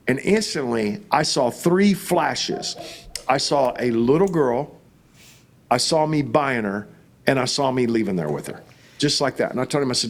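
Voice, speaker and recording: On the high side and brisk, a middle-aged pastor's voice drives the anecdotes he shares in an interview. He brings them to life animatedly, acting out what each person said.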